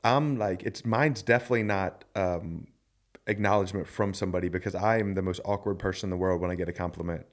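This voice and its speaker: A man with a fairly low voice hosts a casual podcast interview. He speaks in a relaxed, self-deprecating way and offers easy affirmations. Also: fast. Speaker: podcast host.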